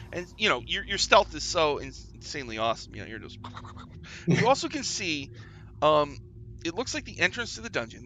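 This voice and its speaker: A man's voice: medium pitch, pushed and bright, a little hiss or hum. A man narrating a tabletop game as game master, often laughing and stumbling over restarts.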